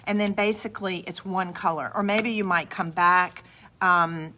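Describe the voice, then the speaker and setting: Bright-voiced woman teaching crafts. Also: on the low side, steady tone, normal speed, a little hiss or hum. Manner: chatty, warm asides to viewers. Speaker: craft studio host. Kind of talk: live craft demonstration. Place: craft studio.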